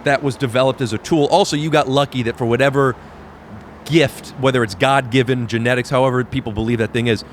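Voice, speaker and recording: A man's voice: mid-range voice, steady tone, quick pace, a little hiss or hum. A man hosting a podcast, talking earnestly in a rambling way with many restarts, outdoors on a balcony. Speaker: podcast host. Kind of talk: casual chat.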